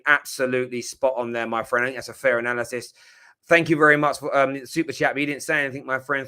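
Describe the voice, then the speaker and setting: Brief: fired-up fan-channel host, bright forceful voice. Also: male voice, mid-range voice, level tone, quick pace, clear, resonant tone. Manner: passionate, emphatic, swears when riled. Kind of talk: live-stream match reaction.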